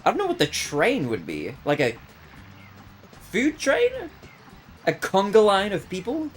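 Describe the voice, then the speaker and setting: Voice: medium pitch, huge pitch swings, measured pace, faint music behind. A streamer thinking aloud while solving word puzzles, muttering guesses and laughing often.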